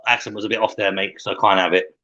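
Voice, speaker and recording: Gruff Australian football manager as a man puts him on, dismissive, lower voice, lo-fi dull audio. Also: little pitch movement, very fast, bright, forceful tone. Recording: dull lo-fi sound.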